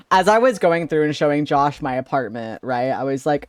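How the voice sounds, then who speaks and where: A man's voice: fairly high pitch, a little slow. A man streaming as a VTuber, chatting casually with his viewers. He jokes sarcastically, laughs often and fills his talk with "like" and "um". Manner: many fillers like "like" and "um". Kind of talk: casual live-stream chat.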